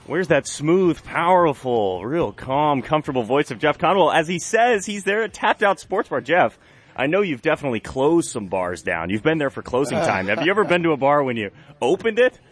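A man's voice: fairly high pitch, big pitch swings, moderate pace, slightly rough. A man with a nasal voice hosting community radio from the studio, chatting in a jokey, self-deprecating way. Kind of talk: casual live radio chat.

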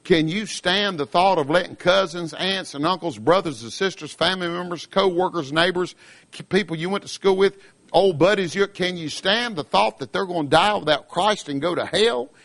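A Southern American man preaching a radio sermon. He is impassioned, rises to shouts and acts out his listeners' objections. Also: sits high, normal speed. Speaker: pastor.

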